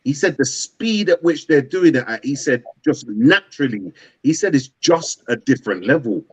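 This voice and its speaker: A man, co-hosting a casual football fan chat, animated and slangy, often repeating his words. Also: medium pitch, normal speed, slightly rough, no echo, rough recording. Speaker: co-host of a football fan show.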